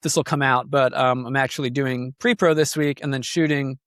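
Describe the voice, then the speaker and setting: A man's voice: medium pitch, steady tone, normal speed, fairly bright tone, smooth, no echo, clean studio sound. A young adult man, a guest guitarist, talking in a casual podcast conversation and telling stories in a rambling way full of fillers. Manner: rambling, filler-heavy storytelling.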